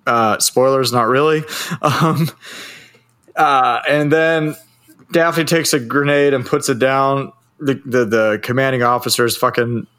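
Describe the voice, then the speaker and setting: A man's voice: medium pitch, steady tone, slow, a bit bright, clean tone. A man in casual chat, recapping a movie in a rambling, profane way and laughing often. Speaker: podcast co-host.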